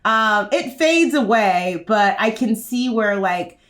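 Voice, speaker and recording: A woman's voice: fairly high pitch, lively intonation, slow, a bit bright. A woman co-hosting a casual podcast, talking chattily with many fillers. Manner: chatty, lots of fillers and likes. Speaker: podcast co-host. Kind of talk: casual chat. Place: indoors in a child's room.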